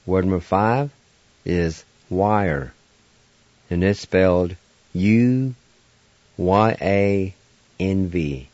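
A man's voice: low-pitched, drawn-out words, long pauses, darkish tone, no room sound. A man hosting a radio language lesson, spelling out words letter by letter and repeating each syllable methodically. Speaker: radio host teaching language vocabulary. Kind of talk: slow, patient spelling and pronunciation drill. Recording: dull lo-fi radio recording.

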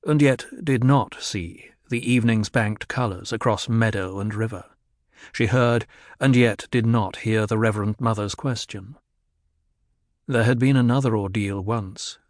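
A man narrating a novel in a measured, steady storytelling voice. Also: lowish voice, no echo, clean studio sound. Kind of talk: audiobook narration.

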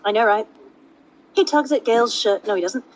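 A woman's voice: fairly high pitch, moderate pace, slight background noise, poor audio. A woman hosting a podcast who reads fan fiction aloud, laughing often and stumbling over lines. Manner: giggly, self-deprecating, stumbles over lines. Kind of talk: casual chat and reading aloud.

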